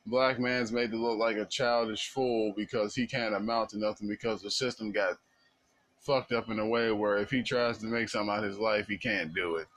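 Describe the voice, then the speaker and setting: A man's voice: on the low side, steady tone, fairly quick, a bit bright, poor audio. A man giving an impassioned, blunt monologue in casual speech with slang.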